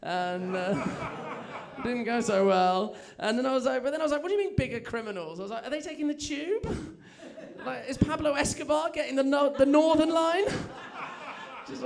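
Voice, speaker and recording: High-voiced gravelly stand-up comic. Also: male voice. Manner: chatty, self-mocking, animated storytelling. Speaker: stand-up comedian. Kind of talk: stand-up comedy set. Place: comedy club stage.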